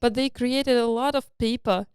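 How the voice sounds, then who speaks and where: Smooth-voiced woman founder, hesitant storytelling. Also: a little high, moderate pace, no room sound, clean studio sound. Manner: hesitant, many fillers and restarts, animated storytelling. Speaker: startup founder and CEO. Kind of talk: casual interview conversation.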